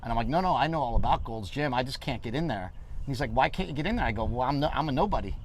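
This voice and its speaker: Lively man telling stories, noisy room. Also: mid-range voice, very fast. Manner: animated, laughing storyteller. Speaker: guest. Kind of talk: casual storytelling chat.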